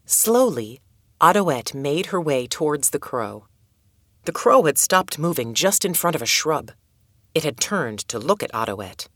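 A woman with a low voice reads a children's story in a calm, measured way. Her tone still rises and falls with the tale, and the sound is close and dry. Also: no room sound. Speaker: narrator. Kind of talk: storybook reading.

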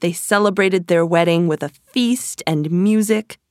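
A woman narrating a storybook in a slow, measured way. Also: lowish voice, darkish tone, no room sound, studio quality.

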